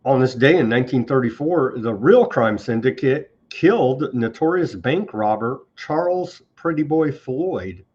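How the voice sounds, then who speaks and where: A man's voice: medium pitch, breathy edge, muffled recording. A man hosting a news commentary show, reading on-this-day items and mocking them with heavy sarcasm. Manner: sarcastic, mocking, scornful of government. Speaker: host.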